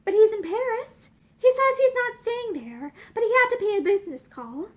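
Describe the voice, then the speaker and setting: A woman's voice: very high voice, animated, moderate pace, pitched above the performer's own voice. A woman reading aloud and voicing an earnest, sensitive young woman who speaks eagerly and a little tremulously. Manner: eager, slightly tremulous speech.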